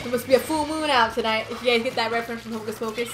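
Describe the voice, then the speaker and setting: A woman's voice: sits high, fairly even intonation, fast talker. A young woman hosting a casual game stream from a couch at home, bubbly and chatty, often laughing. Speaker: stream host. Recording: echoey room with game music.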